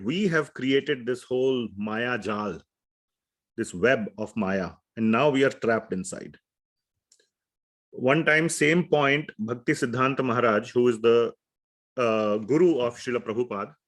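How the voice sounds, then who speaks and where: A man teaching a scripture class in a conversational way, often asking his students questions and telling stories. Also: mid-range voice. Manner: conversational, asks the class questions, tells anecdotes.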